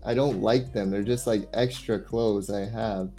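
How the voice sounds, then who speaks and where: A man's voice: lowish voice, steady tone, measured pace, warm tone, soft background music. A young man, a guest English tutor, chatting casually and telling stories in a rambling way, full of "like". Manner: rambling storytelling, filled with "like". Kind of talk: casual chat.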